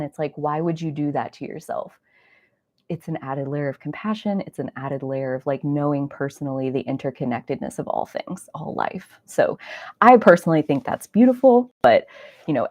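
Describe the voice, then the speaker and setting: A woman with a low voice, rambling through a personal story full of "like" and the odd swear word. The sound is dry and close. She talks casually to her listeners as the host of her own show. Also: dry recording. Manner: rambling, animated storytelling with frequent "like" and mild swearing. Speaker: astrology podcast host. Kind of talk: casual solo chat.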